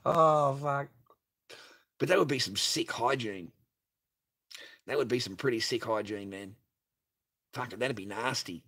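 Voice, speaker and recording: A man's voice: medium pitch, a little slow, vocal fry, pauses often, fairly bright tone, breathy edge. A man hosting a livestream, ranting crudely and laughing as he reads out viewer messages. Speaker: livestream host reading superchats. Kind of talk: crude casual livestream rant.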